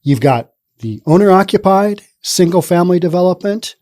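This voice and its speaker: A man's voice: high voice, lively intonation, moderate pace, dark tone. Man giving chatty, sarcastic news commentary. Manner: conversational, rambling, sarcastic asides.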